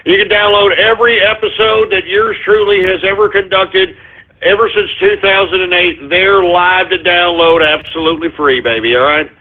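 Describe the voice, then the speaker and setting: A man's voice: high voice, steady tone, normal speed. Male call-in radio host, short of breath and worked up, thin lo-fi audio. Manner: agitated, swearing, out of breath. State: winded. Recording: phone-like narrow audio.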